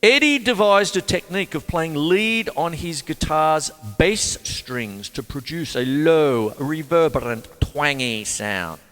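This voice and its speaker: A man's voice: on the high side, lively intonation, slow, hardly any pauses, a bit bright, in a large hall. An Australian man, a drummer hosting a music show, explaining drum techniques in a chatty, rambling way with jokey asides. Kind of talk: casual music lesson.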